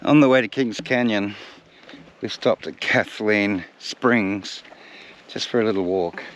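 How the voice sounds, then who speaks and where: A man's voice: fairly low pitch, a little slow. A man talking to the camera on his travels, chatty and poking fun at himself. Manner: chatty, self-mocking, talks to the camera. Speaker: travel vlogger. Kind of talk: casual travel vlog narration. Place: outdoors on location. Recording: outdoor recording with loud background noise.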